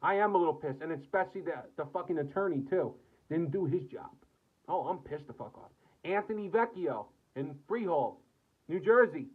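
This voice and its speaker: A man's voice: a little high, expressive, normal speed, husky. An American man delivering an angry, profanity-filled rant to camera, cursing and repeating himself. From United States. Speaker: vlogger. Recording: tinny phone-like audio.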